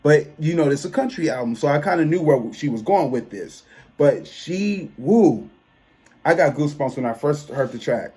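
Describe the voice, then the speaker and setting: A man, giving a chatty, expressive album review that often trails off and restarts. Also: fairly high pitch, normal speed, slightly rough. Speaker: tarot reader and music reviewer. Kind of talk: casual album review monologue.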